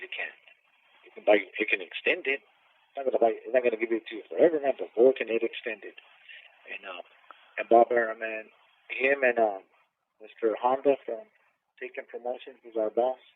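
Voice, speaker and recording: A man's voice: mid-range voice, fairly quick. A middle-aged man, a former boxer and cornerman, telling a personal story in a casual interview, swearing often and restarting his sentences with a lot of "man.". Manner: profane, emotional storytelling with many restarts and repeated "man". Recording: tinny phone-like dry sound.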